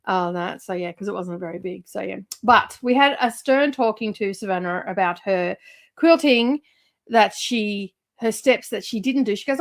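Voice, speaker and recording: A woman's voice: medium pitch, normal speed. A middle-aged woman, chatting casually as host of a livestream, rambling with lots of fillers and laughs.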